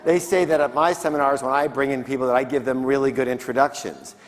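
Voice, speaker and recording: A man's voice: mid-range voice, fairly even intonation, fast talker, a little hiss or hum. A man giving a motivational seminar talk on stage, drawing call-and-response answers from his audience. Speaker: seminar speaker. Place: large conference hall, on stage. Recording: long reverb of a large hall.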